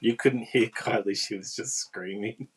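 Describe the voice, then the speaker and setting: Very low-voiced woman demonstrating crafts. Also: moderate pace, a little hiss or hum. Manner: chatty, talks with viewers. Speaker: papercraft demonstrator. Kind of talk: casual live craft demonstration.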